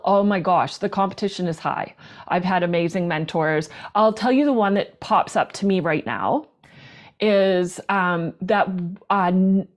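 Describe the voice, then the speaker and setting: Chatty woman flutist in an interview. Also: medium pitch. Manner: chatty and animated, with many restarts and laughs. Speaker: professional flutist and flute teacher. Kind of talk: casual interview chat.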